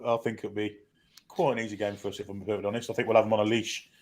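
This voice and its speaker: A man's voice: fairly low pitch, level tone, racing, a little mellow. Joking man on a football podcast. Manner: jokey, laughs at himself. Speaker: podcast panelist. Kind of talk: casual chat.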